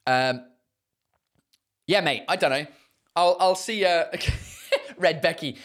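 A man with an English accent hosting a casual live stream, rambling excitedly, swearing freely and laughing often. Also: a little high, takes it slowly. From England. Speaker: livestream host reading chat.

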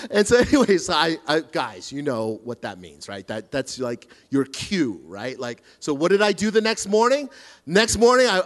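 A middle-aged man preaching a sermon, telling a self-deprecating story with lots of restarts and asides. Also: sits high. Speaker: pastor.

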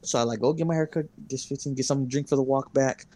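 A man's voice: mid-range voice, steady tone, racing, dark tone. Young male podcast co-host, casual storyteller, heavy cursing. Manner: rambling storyteller, heavy swearing and fillers. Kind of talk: casual chat.

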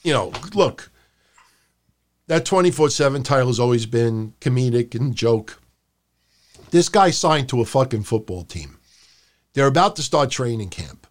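A man's voice: medium pitch, expressive, unhurried, long pauses. A man co-hosting a wrestling podcast, talking casually and profanely, acting out his rants in a raised voice. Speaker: podcast co-host.

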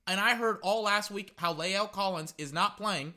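A male football fan rambles through live, casual reactions to the game, growing excitable and repeating himself. His voice is high-pitched and his pace moderate.

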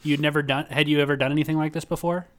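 A woman co-hosting a podcast in casual chat, blunt and quick to swear. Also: sits low, fairly even intonation. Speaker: podcast co-host.

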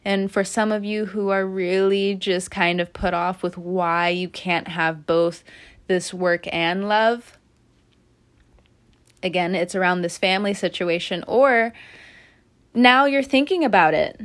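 A woman tarot reader talks through a casual reading at home, animated, chatty and breaking into laughter again and again. Her voice is on the low side and her pace slightly slow.

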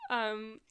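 A woman's voice: fairly high pitch, bright, forceful tone, smooth. A young woman vlogger casually telling a long story, rambling, swearing and laughing often.

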